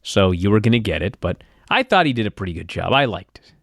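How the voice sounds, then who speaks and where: A man's voice: lowish voice, very animated, fast, vocal fry, a bit bright, dry recording. A man co-hosting a podcast from a studio, chatting casually in an opinionated and profane way. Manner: opinionated, profane wrestling banter. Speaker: podcast co-host. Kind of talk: casual chat.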